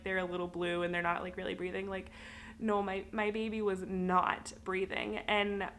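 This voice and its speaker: Woman vlogger, bright voice, emotional candid personal storytelling. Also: mid-range voice, a little hiss or hum. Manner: emotional, candid, with many fillers. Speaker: vlogger telling her birth story.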